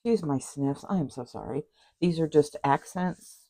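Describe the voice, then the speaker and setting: In a low-quality recording, a woman crafter shows off a handmade journal, chatting loosely with asides and apologies. Her voice sits low and sounds warm, moving at normal speed.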